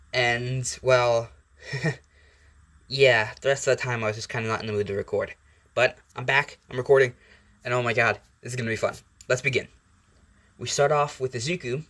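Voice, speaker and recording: A man's voice: mid-range voice, fairly even intonation, normal speed, long pauses, fairly bright tone. A young man hosting his channel, telling a fan story in a chatty, rambling way with fillers and self-corrections. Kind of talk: casual fan-fiction storytelling.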